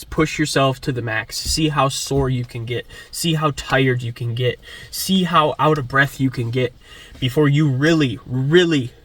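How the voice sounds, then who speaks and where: A man's voice: mid-range voice, dry recording. A young man giving an earnest motivational talk before his gym day, swearing and repeating himself for emphasis. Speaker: fitness vlogger. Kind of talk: motivational monologue.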